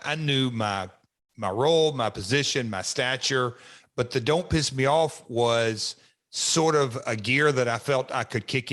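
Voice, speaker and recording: A man's voice: medium pitch, fairly bright tone. A man hosting a podcast, telling stories in a loose, rambling way with many restarts and frequent laughs. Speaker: podcast host, former wrestler. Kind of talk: casual storytelling chat.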